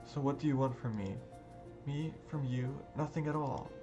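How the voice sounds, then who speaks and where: A man's voice: mid-range voice, normal speed, lo-fi sound, lightly acted. A man voicing a cold, bitter teenage girl who talks in curt, cutting lines. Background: background game music.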